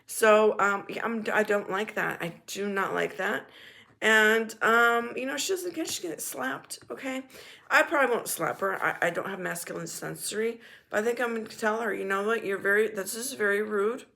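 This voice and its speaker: A woman vlogger telling a casual story in a frank, animated and blunt way, now and then swearing. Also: mid-range voice, moderate pace, gravelly.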